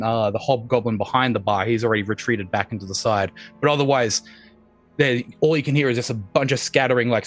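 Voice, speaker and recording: Male game master, mid-range voice, hurried and chuckling, light music bed. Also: medium pitch. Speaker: dungeon master. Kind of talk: narrating a tabletop game.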